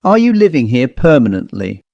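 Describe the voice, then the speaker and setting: A man voicing a jovial, eccentric elderly English gentleman who speaks in a genteel, old-fashioned, chatty way with an English accent. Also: medium pitch, huge pitch swings, brisk, creaky, no room sound, dull audio. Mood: genial.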